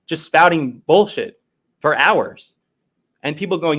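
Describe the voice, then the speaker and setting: A man's voice: a little high, normal speed, fairly bright tone. A man arguing on a livestream, swearing constantly, repeating himself and demanding straight answers. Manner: profane, heated, repetitive, demanding answers. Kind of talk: confrontational livestream argument.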